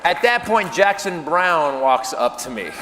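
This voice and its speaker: High-voiced man doing stand-up in a reverberant club. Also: unhurried, some chatter behind. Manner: animated, self-mocking, jumps into acted quotes. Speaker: stand-up comedian. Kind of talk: stand-up comedy storytelling. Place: comedy venue with live audience. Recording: live room with reverb and audience noise.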